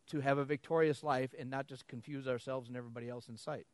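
A man's voice: medium pitch, fast talker, hardly any pauses, no room sound. A man preaching a sermon, telling stories with laughter and acting out both sides of conversations. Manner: animated storytelling with laughs, acting out dialogue.

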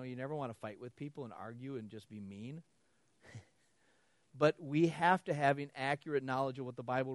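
A man's voice: medium pitch, no echo. A man preaching a sermon, telling stories with laughter and acting out both sides of conversations. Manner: animated storytelling with laughs, acting out dialogue.

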